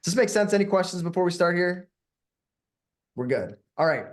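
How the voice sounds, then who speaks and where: A man, a hypnotist and workshop leader, teaching and then guiding a meditation, speaking slowly and soothingly and asking the audience questions. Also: sits high, animated.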